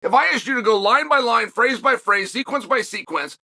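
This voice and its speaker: A man's voice: very high-pitched, expressive, normal speed, pushed and bright. A man hosting a solo sports commentary, talking emphatically and building his points through repetition.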